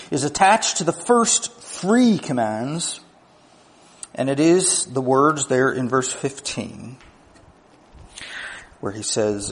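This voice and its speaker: Man preaching a structured sermon. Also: medium pitch. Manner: teaching in numbered points, building to emphatic peaks. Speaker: pastor.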